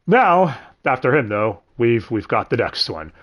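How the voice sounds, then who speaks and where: A man's voice: mid-range voice, a bit bright, dull audio. A young man hosting a livestream, rambling casually about dubs, swearing and correcting himself as he goes. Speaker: stream host.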